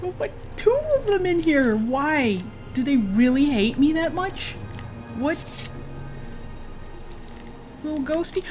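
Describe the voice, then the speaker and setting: A woman's voice: sits high, expressive, measured pace, pauses often, a little mellow. A woman giving chatty, casual let's-play commentary, talking to herself and her viewers and letting out jumpy shrieks at enemies. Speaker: gaming streamer. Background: game music.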